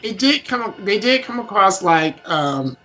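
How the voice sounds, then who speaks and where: A man's voice: high voice, sing-song, measured pace, bright, forceful tone, dull audio. A man co-hosting a podcast in casual chat, giggly and chatty, often restarting his sentences. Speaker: podcast co-host.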